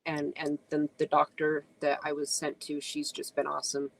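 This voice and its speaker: A woman's voice: deep voice, monotone, normal speed, vocal fry, rough recording. Teary, earnest woman guest. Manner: soft, earnest, emotional. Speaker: livestream guest. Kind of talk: casual conversation.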